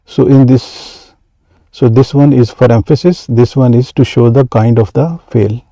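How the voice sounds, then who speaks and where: Male teacher, dark mellow voice, halting delivery full of fillers, dry close recording. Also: medium pitch, steady tone, no room sound, poor audio. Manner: hesitant, many fillers and restarts, reads Arabic quickly then translates. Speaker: Arabic grammar teacher. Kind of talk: explaining lesson examples.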